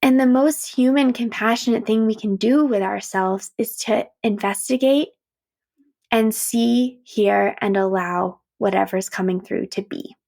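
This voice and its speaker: A woman's voice: a little high, measured pace, gravelly. A woman hosting a podcast, speaking reflectively and encouragingly about emotions, now and then acting out inner voices. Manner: gentle, warm-hearted, encouraging, acts out inner voices. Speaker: podcast host and coach. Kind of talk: reflective solo podcast talk.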